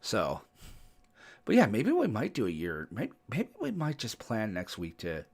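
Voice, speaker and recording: A man's voice: fairly low pitch, huge pitch swings, measured pace, creaky, darkish tone, breathy edge. A man co-hosting a podcast in casual chat, rambling through stories and laughing often. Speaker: podcast co-host.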